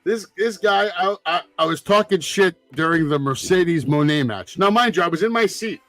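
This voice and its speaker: A man co-hosting a casual podcast chat, telling profane stories that often rise to excited shouting. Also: high voice, moderate pace, dry recording. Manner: loud, profane storyteller, gets excited and shouty. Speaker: podcast co-host.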